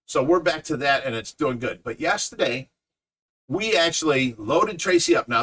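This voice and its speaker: Heard from some distance away, this middle-aged Ohio man runs a fish rescue and looks after its fish. On a relaxed livestream he spins a lengthy tale, voicing the other people in it, in a sharp, somewhat high voice.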